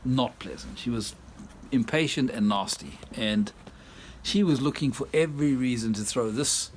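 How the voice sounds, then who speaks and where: A man's voice: mid-range voice, normal speed, a little hiss or hum. A South African-born man vlogging outdoors, chatting casually and laughing often as he tells a tired, rambling story. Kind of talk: casual vlog chat. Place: outdoors, garden and yard.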